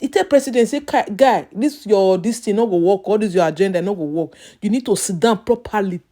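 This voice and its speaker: A woman from Nigeria with a Nigerian Pidgin English accent, recapping and reacting to news in an expressive commentary vlog, often exclaiming. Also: medium pitch. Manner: expressive, exclaims often, quotes others in her own voice.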